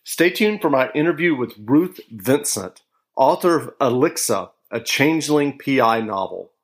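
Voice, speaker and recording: A man hosting a podcast, introducing his guest and asking questions in a plain, measured way. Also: mid-range voice, expressive. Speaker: podcast host. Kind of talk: scripted podcast interview.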